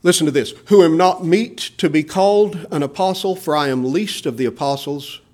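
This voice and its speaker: A man delivers a sermon in a high voice. He preaches earnestly, pushing up on his emphatic words, then sinking to quiet, hushed endings. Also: normal speed. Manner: earnest, swings between emphatic rises and hushed low endings.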